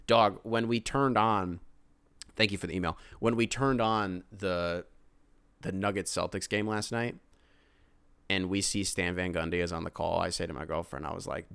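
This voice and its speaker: A man's voice: sits low, fairly even intonation, moderate pace, vocal fry, fairly bright tone, clear, resonant tone, no room sound. A young American man hosting a sports podcast, talking casually in rambling, profane rants full of tangents. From United States. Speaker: podcast host.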